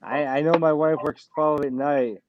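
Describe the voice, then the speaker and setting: Against a noisy background, with the highs cut off, a man with a fairly high voice speaks at normal speed and with fairly even intonation. As host of a casual live stream, he's blunt, curses often, and boasts about pushing through on little sleep.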